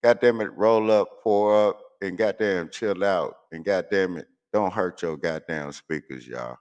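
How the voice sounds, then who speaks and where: A man's voice: low voice, measured pace, a little mellow, highs cut off. A man, hosting a radio show and ranting casually on air with loose, profane emphasis.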